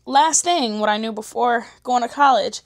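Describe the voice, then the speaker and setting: A woman's voice: on the high side, normal speed. A young woman chatting candidly to camera, slangy, emotional and encouraging. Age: young adult. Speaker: vlogger. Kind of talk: casual chat to camera.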